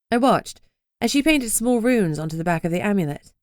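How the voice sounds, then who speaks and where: A woman's voice: mid-range voice, animated, fairly quick, no room sound, studio quality. A woman narrating a first-person urban fantasy audiobook in a wry, sardonic way.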